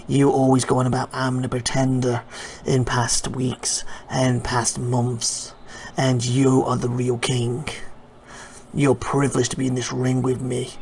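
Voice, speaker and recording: A man voicing a smug male wrestler who talks down to rivals slowly and quietly, sometimes in a whisper. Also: medium pitch, gravelly, slight background noise.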